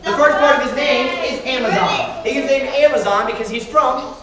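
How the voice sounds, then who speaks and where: A man presenting a live animal show to children, talking with them in lively call-and-response. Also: very high-pitched, brisk. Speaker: animal educator. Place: large library room with a child audience. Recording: echoey hall, distant mic, crowd noise.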